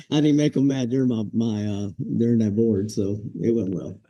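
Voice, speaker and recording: A Marine veteran in his forties, a podcast guest, tells his story in a laid-back way, chuckling and imitating the drill instructors he quotes. His voice is lowish, mellow, and steady at a moderate pace, and the recording is dry and lo-fi.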